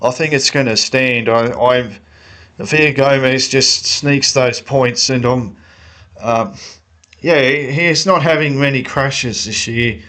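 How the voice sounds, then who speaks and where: A man's voice: mid-range voice, slow, bright, forceful tone, rough recording. A man giving a casual, opinionated motorsport analysis, thinking aloud in a conversational way. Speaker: motorsport fan commentator. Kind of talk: casual sports analysis monologue.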